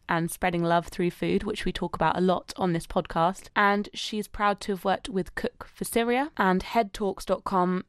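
A woman hosting a podcast, chatty and self-deprecating, a little tired and croaky. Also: on the low side, no room sound, clean studio sound. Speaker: podcast host. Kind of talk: casual podcast chat. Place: guest's home.

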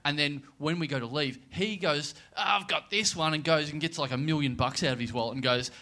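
A man co-hosting a live comedy podcast, swearing freely while rambling through animated anecdotes. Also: a little high, a little fast. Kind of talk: live podcast banter and storytelling.

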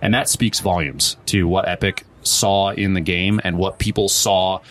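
Rambling, animated man with a lowish voice. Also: measured pace. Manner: rambling, animated, many restarts and acted-out quotes. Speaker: pro streamer guest. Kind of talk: casual interview answer. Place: event venue.

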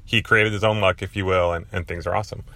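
A low-voiced man with a forceful, bright tone chats through a long story on his podcast. He rambles and leans on filler words, and his voice jumps up when he gets worked up. The sound is close and dry. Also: fairly even intonation, fast, dry recording. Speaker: podcast host. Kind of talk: casual storytelling.

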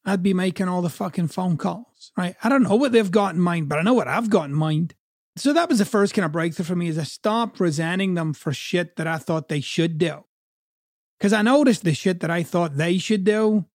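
A man's voice: high-pitched, darkish tone, no echo, clean studio sound. A man from Scotland with a Scottish accent, a coach giving a blunt, profane, conversational motivational talk.

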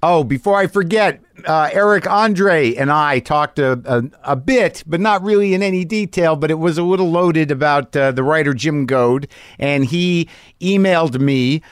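A man's voice: a little high, moderate pace, clear, resonant tone, dry recording, studio quality. A middle-aged man delivering a rambling, profane, self-deprecating monologue as a podcast host. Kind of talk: casual monologue.

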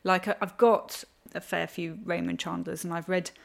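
A woman's voice: lowish voice, steady tone, moderate pace, vocal fry. A woman from Britain, a crime writer being interviewed on a podcast, talking casually, laughing often and restarting her sentences.

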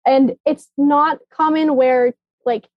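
A young adult woman, appearing as a guest and daughter, casually tells her own health story in a matter-of-fact way, saying "like" a lot. Her voice is high and steady, and she takes it slowly. The sound is dull and dry, with no room sound.

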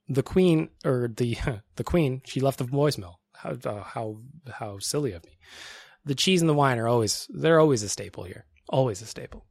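A man's voice: fairly high pitch, gravelly, no echo, studio quality. A man hosting a sports podcast, ranting and joking in a casual, self-mocking way. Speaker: podcast host.

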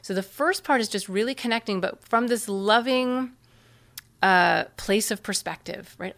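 A woman guest discusses parenting techniques in an interview at a normal speed, her voice mid-range. Earnest and animated, she regularly acts out what parents and kids say.

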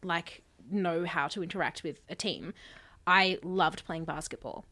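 A woman co-hosting a podcast, telling stories in a relaxed, chatty way. Her laughter comes through easily as she talks. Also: lowish voice, a little slow. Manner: chatty storytelling, laughs often. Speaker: podcast co-host. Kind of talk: casual chat.

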